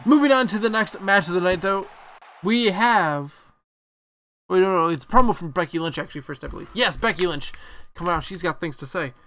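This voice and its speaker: A young man giving excitable play-by-play commentary on a video game wrestling match, casually swearing. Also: high-pitched, a little fast. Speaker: gameplay commentator.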